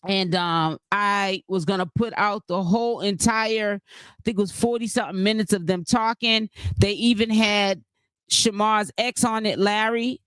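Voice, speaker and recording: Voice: medium pitch, steady tone, measured pace, fairly bright tone, clear, resonant tone, dry recording. A YouTube host giving casual live-stream commentary, rambling with fillers and restarts and greeting viewers from the chat between points.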